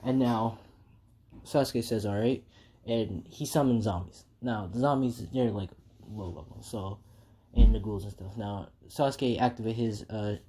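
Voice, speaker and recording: A man's voice: lowish voice, measured pace, mellow. A man casually improvising a fan-made story, rambling with many fillers.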